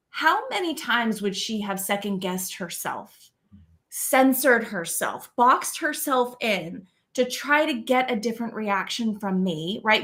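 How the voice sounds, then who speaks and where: A woman's voice: a little high, a bit bright. Earnest, storytelling middle-aged woman. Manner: earnest storytelling, frequent "right?" tags. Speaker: guest. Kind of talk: casual chat.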